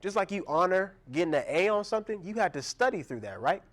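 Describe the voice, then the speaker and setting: Animated young man preaching, raised voice. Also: sits high, fast. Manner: animated, laughing, acts out quoted voices. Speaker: pastor. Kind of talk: sermon.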